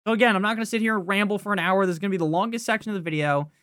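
A young man rants on his sports podcast, swearing freely and bursting into loud, exasperated outbursts before settling back into rambling. His voice sits at a middle pitch and sounds close and dry, with no room around it. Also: rapid-fire, clean tone, dry recording. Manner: frustrated, profane, rambling rant with sudden loud outbursts. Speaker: fantasy football podcast host. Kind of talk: casual ranting podcast talk.

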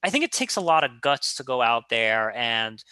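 Male, casual chat, animated storyteller, bright forceful tone, dry close sound. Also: mid-range voice, moderate pace, clean tone, no echo. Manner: animated storyteller, many restarts and filler words. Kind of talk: casual conversation.

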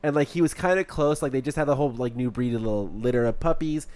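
A man's voice: medium pitch, fast talker, darkish tone, smooth. Guy rambling thru a movie plot, swears a lot, plain mid voice. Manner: rambling, swears freely, acts out quotes. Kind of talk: casual chat, retelling a movie plot.

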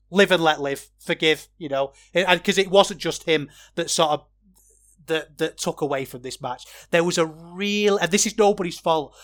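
A man hosting a podcast, giving a rambling, opinionated wrestling review that gets animated when he is worked up. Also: fairly high pitch. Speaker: podcast host.

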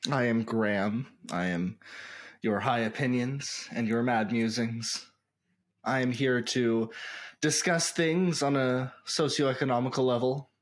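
A man's voice: mid-range voice, steady tone, a little slow. A man co-hosting a casual podcast, rambling with fillers and laughing often. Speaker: podcast co-host. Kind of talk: casual chat. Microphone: podcast microphone.

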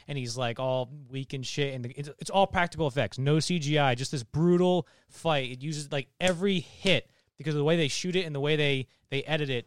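A man's voice: medium pitch, clean tone, dry recording, studio quality. A young man co-hosting a casual podcast, recounting a favorite movie scene in an enthusiastic, rambling way with many fillers. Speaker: podcast co-host. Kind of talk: casual chat.

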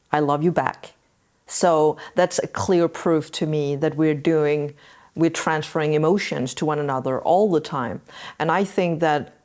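Low-voiced woman explaining earnestly. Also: darkish tone. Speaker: podcast host. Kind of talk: casual talk to listeners.

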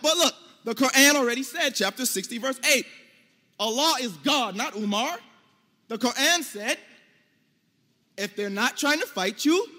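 In a large hall that gives his voice a long reverb, a high-voiced American debater argues forcefully and with emphasis, sometimes close to shouting.

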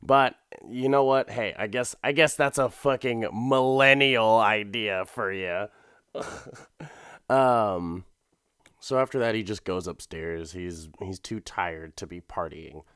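Young man giving a clear, casual recap. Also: lowish voice, takes it slowly, fairly bright tone, dry recording, studio quality. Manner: rambling and profane, with frequent laughs and restarts.

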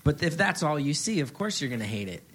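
A man's voice: a little high, very animated, quick pace, fairly bright tone. A man from New Jersey trading dry jokes as a guest on a live podcast stage. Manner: dry, joking comedian delivery. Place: stage at a live venue with an audience.

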